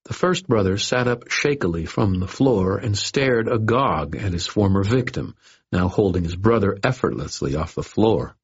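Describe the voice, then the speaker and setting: A man narrating a story in the first person, with steady, dry, wry storytelling. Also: fairly low pitch, normal speed, husky. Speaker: audiobook narrator. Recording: dull lo-fi audio.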